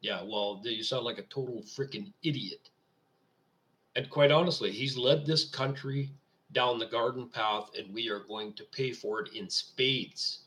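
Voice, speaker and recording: A man's voice: medium pitch, a bit bright. A man hosting his own show, from Canada, giving an indignant, sarcastic political rant. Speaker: radio show host. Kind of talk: political commentary monologue.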